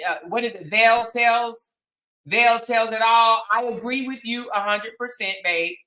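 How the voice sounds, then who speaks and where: Bright, sassy woman commentator. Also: on the high side, low-quality recording. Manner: animated, sassy, emphatic. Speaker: commentary host. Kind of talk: reaction commentary.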